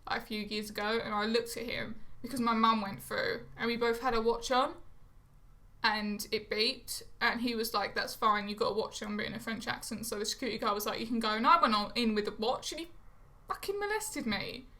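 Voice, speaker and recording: Young girl vlogging, high-ish bright voice, chatty and rambly, swears a bit. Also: fairly even intonation, a little fast. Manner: chatty, rambling, swears casually, self-mocking. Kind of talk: casual chat to camera. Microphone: phone or camera close to her face.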